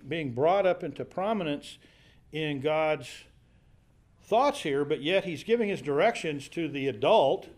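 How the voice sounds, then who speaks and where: A man teaching a Bible study class, explaining scripture conversationally while thinking aloud. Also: fairly high pitch. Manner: thinking aloud with fillers and restarts, paraphrasing scripture.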